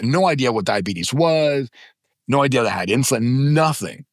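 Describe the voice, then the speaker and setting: Guest voice: man in his fifties, lively pitch, dry close studio sound, emphatic storyteller. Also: fairly quick, no room sound. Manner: emphatic, dramatizes stories with quoted voices. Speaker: podcast guest. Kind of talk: animated storytelling in conversation. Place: podcast studio.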